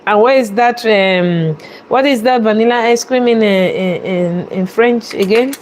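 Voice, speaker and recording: A woman chef hosting a live cooking demonstration from a restaurant kitchen, chatty and quick to laugh as she talks viewers through each step. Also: medium pitch, a little hiss or hum. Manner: chatty, laughs often, warmly thanks viewers.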